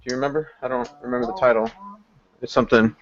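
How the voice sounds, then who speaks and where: A man's voice: mid-range voice, rapid-fire. Guy hosting a podcast, casual joking banter, muffled lo-fi sound. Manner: joking, loud bursts of excitement. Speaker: podcast host. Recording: dull lo-fi podcast audio.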